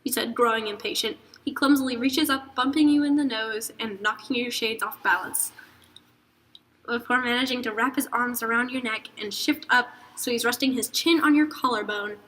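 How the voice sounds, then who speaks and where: A woman's voice: fairly high pitch, steady tone, normal speed, a bit bright, a little hiss or hum, poor audio. A young woman reading a fan fiction story aloud with friends, dropping crude joking asides. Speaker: reader.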